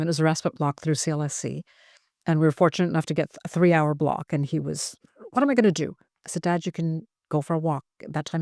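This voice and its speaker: A woman hosting an interview and speaking as a family caregiver, emotional and halting with many restarts. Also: low voice, darkish tone, no echo, studio quality. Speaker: podcast host and family caregiver. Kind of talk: heartfelt conversational interview.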